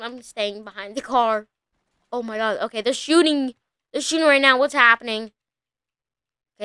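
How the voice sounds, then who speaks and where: Young woman yelling through a game, high voice, dry close mic, lots of oh my gosh. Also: smooth, no room sound. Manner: breathless, frequent exclamations. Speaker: gaming channel host. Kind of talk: excited game commentary.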